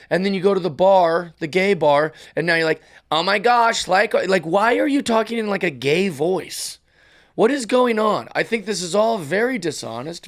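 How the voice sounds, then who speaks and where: Ranting male comedian podcast host. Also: on the high side. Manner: animated ranting with mocking voice impressions. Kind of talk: casual monologue.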